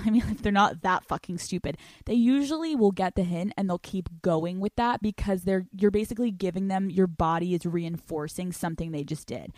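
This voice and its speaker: A woman's voice: medium pitch, a little mellow, dry recording, clean studio sound. A young woman hosting a podcast, talking in a brash, profane way with lots of laughter while she reads out listener questions and answers them. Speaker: podcast host. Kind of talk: casual podcast monologue, reading listener questions.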